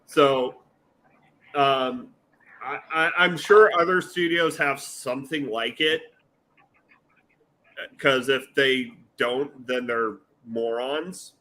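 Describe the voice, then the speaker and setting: Slow, bright-toned man hosting a podcast. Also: mid-range voice, poor audio. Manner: hesitant, many fillers and restarts. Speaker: podcast host. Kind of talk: casual chat.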